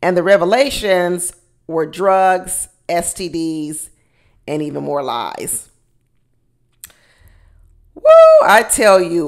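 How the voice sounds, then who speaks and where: A woman recaps a reality TV episode in a casual, sassy way, throwing in folksy sayings and acting out what the cast said. Her voice sits low and has a gravelly fry to it. She laughs easily as she tells the story. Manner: acts out the cast members' quotes and laughs often.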